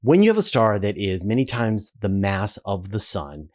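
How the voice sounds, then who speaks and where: A man with a Canadian accent hosting a relaxed question-and-answer show, talking casually with fillers and restarts. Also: lowish voice, normal speed. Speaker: host. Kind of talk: casual Q&A talk.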